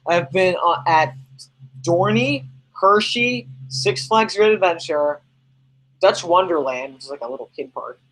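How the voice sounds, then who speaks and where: A man's voice: high-pitched, a little slow, a bit bright, slight background noise, low-quality recording. A man hosting a casual livestream podcast, rambling and chatty as he answers viewers' questions. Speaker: podcast host reading live chat.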